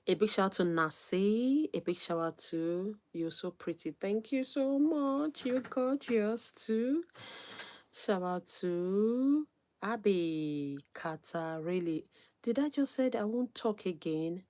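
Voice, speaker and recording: Hosting a livestream on YouTube, a woman with a low voice chats casually, reads comments, and calls out viewer names with shout-outs. She's animated yet soft and unhurried, at times slipping into near-whispered asides.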